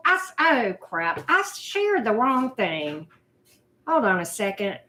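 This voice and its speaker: A chatty woman in her fifties with a drawl hosts a loose livestream chat. She greets viewers one by one in a voice pitched a little high. She talks in a scattered, easygoing way and pokes fun at herself. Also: very animated, slow, sharp tone. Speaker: livestream host. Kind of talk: casual live chat.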